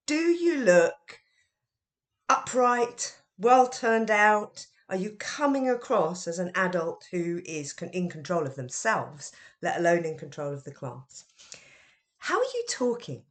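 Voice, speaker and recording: A middle-aged woman, talking about how teachers should handle their first meeting with a class in an expressive, question-led way. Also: medium pitch. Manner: lively and expressive, with emphatic questions. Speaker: teacher trainer and author. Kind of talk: educational podcast talk.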